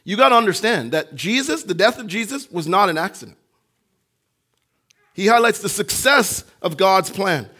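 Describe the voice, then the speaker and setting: Male pastor, high voice, delivers an impassioned sermon that swings from hushed lows to near shouts. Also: animated, normal speed.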